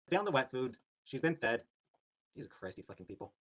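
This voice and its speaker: A man's voice: mid-range voice, lively intonation, quick pace, fairly bright tone. A man livestreaming, irritated and swearing as he snaps at his chat. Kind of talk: livestream rant.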